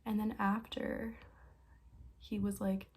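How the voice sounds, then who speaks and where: Breathy, excitable young woman vlogger. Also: mid-range voice. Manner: excitable, fast bursts, lots of likes and laughs. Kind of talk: casual storytime chat.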